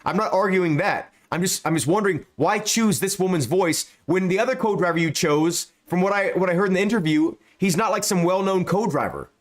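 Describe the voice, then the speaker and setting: A man's voice: high voice, fairly quick, hardly any pauses. Rambling man commenting on gameplay. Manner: rambling, repeats words, stammers, swears. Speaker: gaming YouTuber.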